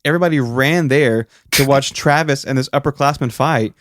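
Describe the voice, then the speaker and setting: Animated man telling a story on a podcast. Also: medium pitch, normal speed. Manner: animated storyteller acting out quotes. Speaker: podcast co-host. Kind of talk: casual storytelling chat.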